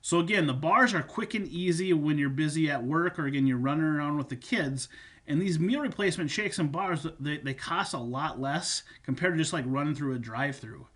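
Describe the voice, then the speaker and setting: Male fitness coach, slightly high voice, casual instructional delivery, loose and filler-heavy. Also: fairly quick, a bit bright. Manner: chatty, repeats points with fillers. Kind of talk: instructional talk on supplements.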